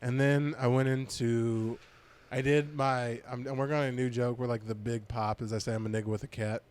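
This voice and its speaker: Animated man telling a stage story. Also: medium pitch, brisk. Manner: animated, acts out crowd voices, profane. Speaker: comedian podcast host. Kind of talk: casual storytelling chat.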